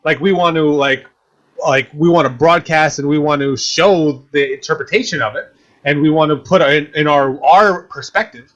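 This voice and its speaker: A man with a fairly high voice hosting a casual discussion. He rambles and gropes for words, circling back with many fillers and restarts. The recording sounds dull and lo-fi. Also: normal speed, a bit bright. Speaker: podcast host.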